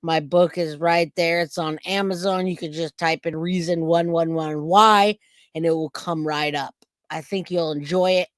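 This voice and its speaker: A woman's voice: low voice, steady tone, normal speed, no echo, studio quality. A woman in her forties hosting a live reaction stream, chatting and joking with her viewers. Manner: chatty, jokey, reads out chat comments. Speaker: livestream reaction host. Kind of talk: casual live-stream chat.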